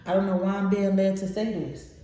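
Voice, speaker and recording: A woman's voice: medium pitch, flat delivery, a little fast, mellow. A woman giving a casual tarot reading to her viewers, emotional and blunt, swearing freely. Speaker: tarot reader. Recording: very echoey room.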